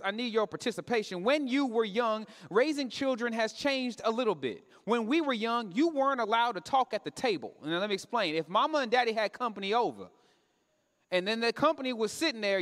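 High-voiced pastor in a reverberant church. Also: male voice, a bit bright. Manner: conversational preaching with call-and-response questions. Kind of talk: sermon. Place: church sanctuary.

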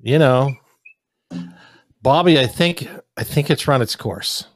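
A man's voice: medium pitch, slow pace, no room sound, clean studio sound. Blunt, teasing male talk host. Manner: blunt, teasing, hesitant restarts. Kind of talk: call-in banter.

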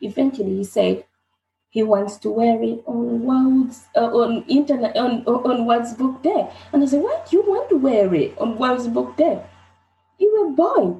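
A woman shares her own story as an interview guest, her voice sitting a little high and mellow. She stumbles and repeats herself, voicing the people in her story. The room around her rings with echo. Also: animated, creaky, muffled recording. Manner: halting, repeats herself, acts out dialogue. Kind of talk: emotional personal storytelling. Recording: roomy echoey sound.

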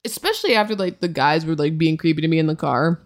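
A young woman co-hosting a podcast, telling a story in a casual, animated and profane way. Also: deep voice, quick pace. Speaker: podcast co-host.

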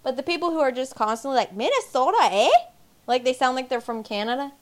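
High-voiced and fast, the young woman co-hosting this podcast chats casually, giggling, rambling, and speaking bluntly.

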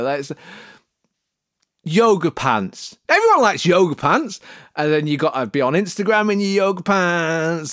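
A man's voice: on the high side, fairly bright tone, dry recording, clean studio sound. A man hosting a podcast in a comic, rambling monologue, playful and sarcastic in a mock-earnest way. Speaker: podcast host promoting an agency.

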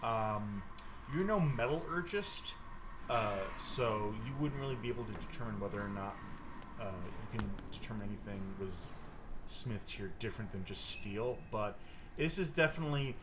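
A man's voice: on the low side, expressive, moderate pace, noisy background. A man narrating a tabletop game as game master, rambling with many fillers. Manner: rambling, filler-heavy narration with bursts of silly voices.

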